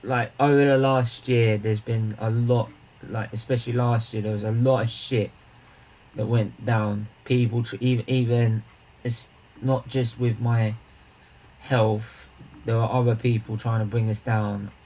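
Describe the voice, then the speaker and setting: A man's voice: mid-range voice, flat delivery, unhurried, a little mellow, poor audio. A man hosting a charity live stream, chatting casually with viewers, rambling and restarting his sentences as he greets people and banters.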